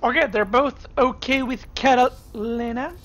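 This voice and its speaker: A woman's voice: a little high, measured pace, a bit bright. A woman streamer giving casual esports commentary, chatting straight to her viewers from a home streaming setup. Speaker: streamer and caster.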